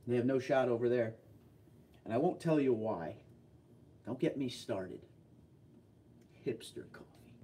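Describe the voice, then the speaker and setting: A man hosting a casual livestream, chatting with viewers and telling rambling stories with quick asides. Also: medium pitch, animated, dark tone, far from the mic, a little hiss or hum. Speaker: livestream host reading viewer chat.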